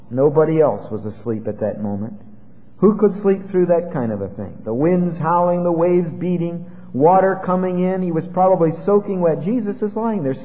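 A man preaching a sermon as pastor, swinging dramatically between loud exclamations and hushed asides. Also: high voice. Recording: tinny phone-like sound with long hall reverb.

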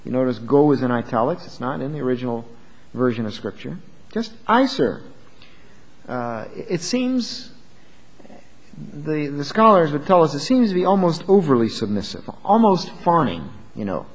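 A man's voice: a little high, normal speed. Emphatic man preaching in a reverberant hall. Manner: lively, emphatic, conversational preaching with rhetorical questions. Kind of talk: sermon.

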